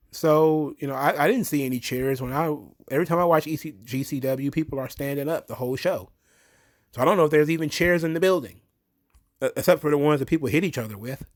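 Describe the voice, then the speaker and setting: A man giving a blunt, opinionated, rambling commentary monologue as a show host. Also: on the high side.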